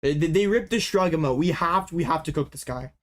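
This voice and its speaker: A young man giving casual gameplay commentary as a card game YouTuber, excitable and full of dramatic mock complaints. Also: on the high side, fairly quick.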